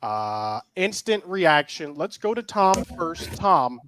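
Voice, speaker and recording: A man's voice: on the high side, sing-song, slow, a bit bright, a little hiss or hum. A man hosting a casual sports show over a video call, with upbeat announcer-like introductions. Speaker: host. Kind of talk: casual sports podcast chat.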